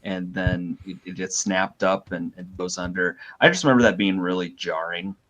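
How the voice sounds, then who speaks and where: A man's voice: deep voice, steady tone, normal speed, fairly bright tone, muffled recording. Laid-back man in casual chat. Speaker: podcast co-host.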